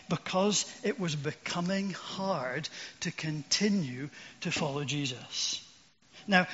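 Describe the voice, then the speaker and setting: A man's voice: high-pitched, a bit bright, long reverb tail, muffled recording. An older man preaching a sermon, earnest and asking his listeners questions.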